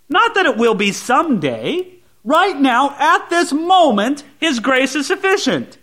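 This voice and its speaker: A pastor preaches a sermon in a high, bright male voice with strongly rising and falling pitch. At a normal, sing-song pace, he shifts between soft, low asides and raised, emphatic lines.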